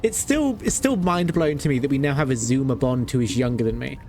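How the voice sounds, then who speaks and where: A man's voice: medium pitch, quick pace, darkish tone, a little hiss or hum. A man streaming a game, chatting casually, ranting and laughing often. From Britain. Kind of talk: casual chat while playing.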